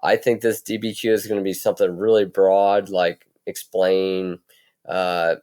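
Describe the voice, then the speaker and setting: A man with a low, smooth voice talks through a recorded history lesson on a computer mic. He speaks casually, with many fillers and restarts. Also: little pitch movement, a little slow, a little mellow. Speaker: history teacher.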